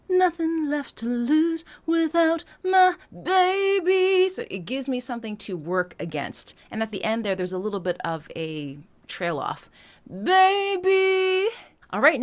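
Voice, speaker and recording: A woman's voice: on the low side, fairly bright tone. Woman vocal coach explaining breathing. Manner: explanatory, breaks into sung demonstrations, laughs lightly. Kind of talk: singing lesson, speaking and demonstrating sung lines.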